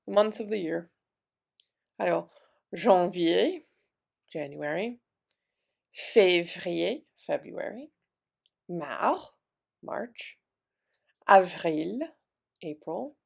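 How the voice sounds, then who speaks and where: A woman's voice: on the low side, expressive, creaky, a little mellow. A young adult woman teaching a French vocabulary lesson, repeating each word patiently and giving the English after it. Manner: slow, patient drilling with repeated words. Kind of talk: vocabulary lesson, repeating words then translating.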